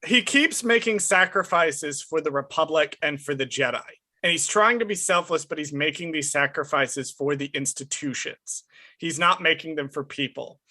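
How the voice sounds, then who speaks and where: A man's voice: fairly high pitch, normal speed, pushed and bright. A man discussing analytically and bluntly on a casual podcast, swearing casually. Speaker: podcast host.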